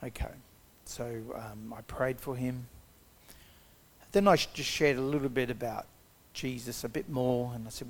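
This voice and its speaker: Man, gravelly, conversational testimony, acts out quotes. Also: medium pitch, normal speed. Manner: conversational, animated retelling with acted-out quotes. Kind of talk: personal testimony storytelling.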